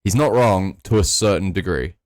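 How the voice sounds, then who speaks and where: A man's voice: sits low, normal speed, darkish tone, no room sound, clean studio sound. A man co-hosting a podcast, laid-back and swearing freely in casual chat. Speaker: podcast co-host.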